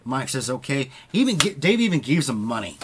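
A man's voice: medium pitch, very animated, brisk, background noise. A man hosting a podcast, casually retelling a story with loose quoted dialogue and frequent swearing. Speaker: podcast host.

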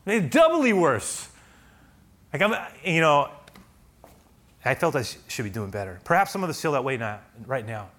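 A middle-aged man preaching a sermon as pastor, earnest, moving from hushed lines to loud pleading ones. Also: mid-range voice, big pitch swings, fairly quick.

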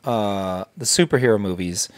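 A man co-hosting a casual comedy talk show, telling stories in a lively way and acting out quotes with big jumps in his voice. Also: moderate pace, no echo. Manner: animated storyteller, acts out quotes with big pitch jumps. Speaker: podcast co-host.

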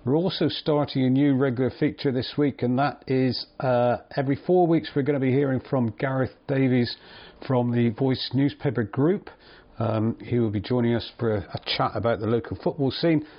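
Steady man hosting a podcast. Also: mid-range voice, moderate pace. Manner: steady, orderly, leads the show. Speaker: podcast host. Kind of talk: casual chat. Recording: slightly dull lo-fi sound.

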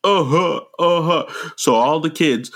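A man on a podcast, casually recapping a movie with lots of swearing, jumping into quick voices for the characters. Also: a little high. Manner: animated, profane, acts out characters in quick voices. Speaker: podcast co-host.

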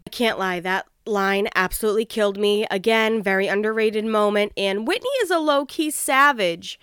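A woman's voice: mid-range voice, fairly quick, few pauses, fairly bright tone, clean tone, no echo, clean studio sound. A woman casually recapping a reality show, blunt and opinionated, swearing and laughing as she talks.

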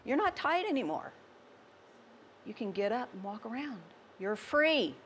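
A woman preaching with a somewhat high voice, drawing out her words slowly and pressing each point home. She talks to her congregation like a conversation, asking them questions as she goes. A faint hiss of noise sits under the recording. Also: very animated, a bit bright. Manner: slow and emphatic. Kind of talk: sermon.

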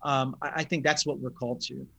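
A man, a pastor, talking in an interview in an earnest, thoughtful, unhurried way. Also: mid-range voice, fairly even intonation, gravelly, bright, forceful tone, a little hiss or hum. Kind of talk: reflective interview talk.

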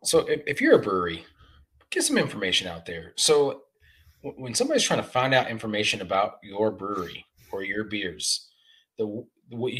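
A man with a husky, somewhat low voice chats casually about beer on a podcast. His pitch swings a lot, and he stops and restarts his sentences often. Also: sing-song, a bit bright. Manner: halting, with many restarts. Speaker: podcast co-host. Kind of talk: casual chat.

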